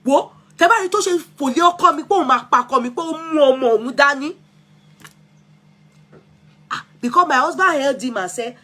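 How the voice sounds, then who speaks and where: A middle-aged woman with a Nigerian Yoruba accent, talking through casual commentary as a vlog host, animated and exclaiming as she switches between languages. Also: high voice, a little fast, long pauses. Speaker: vlog host taking calls.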